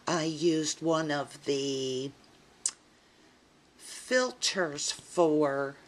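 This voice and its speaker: A woman's voice: sits low, drawn-out words. A middle-aged woman chatting casually as she shows her scrapbook pages, rambling and poking fun at herself. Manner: chatty, self-deprecating, rambling asides. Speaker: scrapbooking vlogger. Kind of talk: casual show-and-tell chat.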